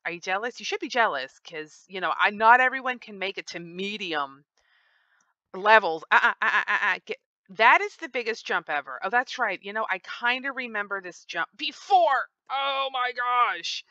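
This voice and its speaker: Lively, bright-voiced woman playing a game. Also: mid-range voice, moderate pace, no room sound, dull audio. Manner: exclaiming, playfully boastful, chatty to viewers. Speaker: gaming channel host. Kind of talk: let's-play commentary.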